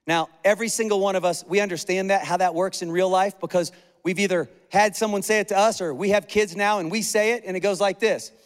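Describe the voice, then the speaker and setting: A male pastor delivers an earnest, emphatic sermon, his voice set high for a man. He drives his points home through repetition. The sound rings out with a long hall echo. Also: steady tone, fast, clear, resonant tone. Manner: earnest, emphatic preaching with repeated phrases. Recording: echoey hall reverb.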